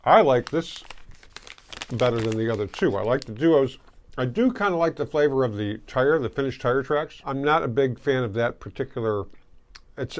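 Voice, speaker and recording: A man of middle pitch hosts a relaxed candy tasting video, chatting to the camera and chewing as he goes. His talk is casual and easygoing, now and then muffled by the candy in his mouth. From Michigan. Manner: chatty, chewing while talking. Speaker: host.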